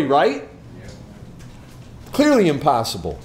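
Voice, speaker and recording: A man's voice: medium pitch, lively intonation, normal speed, darkish tone, a little hiss or hum. Emphatic male pastor teaching a group. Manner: emphatic, repeats words, asks rhetorical questions. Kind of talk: answering a question before a group.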